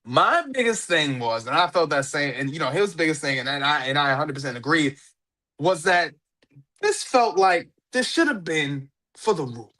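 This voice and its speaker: A young man with a high-pitched voice hosts a casual wrestling podcast. He talks excitably into a podcast mic, repeats himself and laughs a lot. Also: moderate pace. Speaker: podcast host.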